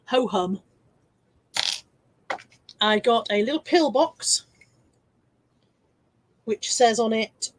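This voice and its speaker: A woman with a fairly high voice hosts a casual live stream, showing off car boot finds and reading viewer comments. She adds chatty, self-mocking asides and hiccups now and then.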